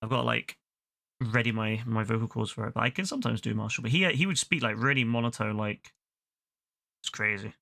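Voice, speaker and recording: A man's voice: medium pitch, fairly quick, gravelly, sharp tone. A young man chatting casually into a headset while streaming a game, swearing freely and using lots of fillers. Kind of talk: casual gaming stream commentary.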